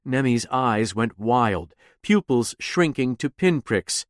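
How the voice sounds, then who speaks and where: Measured male narrator, unhurried, mid pitch, dead-dry studio. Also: lively intonation, no room sound. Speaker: audiobook narrator. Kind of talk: scripted narration.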